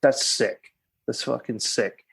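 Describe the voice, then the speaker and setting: Guy on a podcast, excited, swears a bunch, says like constantly, mid pitch. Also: slow, creaky, breathy edge. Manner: animated, swears, heavy use of "like". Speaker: podcast guest. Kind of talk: casual chat.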